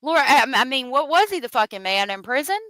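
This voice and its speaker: A woman hosting her own true crime commentary, her somewhat high voice jumping all over the place as she rants and curses in disbelief. Her tone is bright and forceful, and the sound is dry and close. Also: very animated, fairly quick, no room sound, rough recording. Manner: profane, exasperated ranting.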